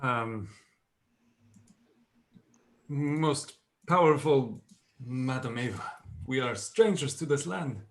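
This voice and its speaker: A man's voice: medium pitch, slow pace, pauses often. A man playing a tabletop game, joking and laughing often. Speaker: player.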